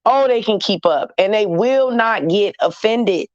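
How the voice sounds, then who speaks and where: A woman's voice: mid-range voice, expressive, measured pace, no echo, muffled recording. A woman hosting a casual chat with her audience, talking in a blunt, candid and slangy way. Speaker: host talking to viewers.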